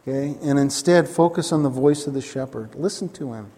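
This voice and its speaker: A man's voice: mid-range voice, a little fast, mellow. Emphatic preacher man in a reverberant hall. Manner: emphatic, repeats key phrases, asks the listeners questions. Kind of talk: sermon.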